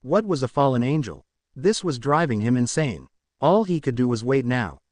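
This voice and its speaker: A man reading out a fan-fiction story as scripted narration, with a lively, animated delivery. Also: mid-range voice, moderate pace, no room sound.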